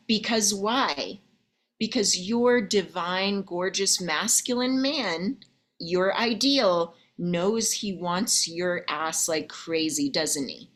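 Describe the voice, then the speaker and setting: A woman love coach talking to her viewers in a chatty way, with many "okay?" and "like" asides and calling them ladies, honey and babe. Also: mid-range voice.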